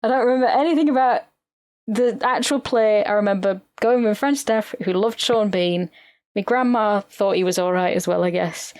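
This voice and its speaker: With clean studio sound and no room echo, a mid-range female voice speaks at a moderate pace. She's a podcast co-host wandering through anecdotes in casual conversation, animated and full of mock impressions.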